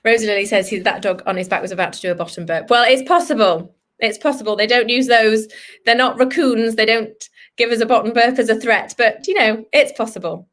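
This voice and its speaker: A woman, a vet, giving a chatty, animated live online lesson for children over a video call. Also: on the high side, a little fast. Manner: animated, chatty, acts out dog voices. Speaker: vet teaching kids.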